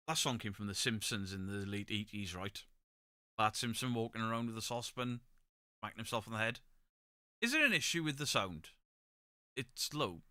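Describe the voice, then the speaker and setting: A man's voice: on the low side, sharp tone, dry recording, clean studio sound. A man hosting a casual live stream, reading viewer comments and giving blunt, opinionated takes with the odd swear. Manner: chatty, opinionated, swears freely. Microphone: desk microphone, pulled close.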